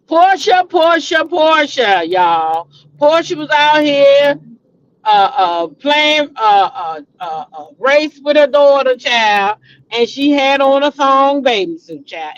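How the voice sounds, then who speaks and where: A middle-aged woman hosting a casual gossip chat. She talks animatedly, repeats names and breaks into dramatic exclamations. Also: sits high. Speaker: host. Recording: dull lo-fi recording.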